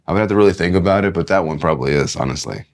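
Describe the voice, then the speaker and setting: Male podcast guest from Kentucky, lower voice, excitable storyteller who restarts sentences. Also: very fast. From Kentucky, USA. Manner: animated, laughing, many restarts. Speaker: guest wrestler. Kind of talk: casual podcast interview storytelling.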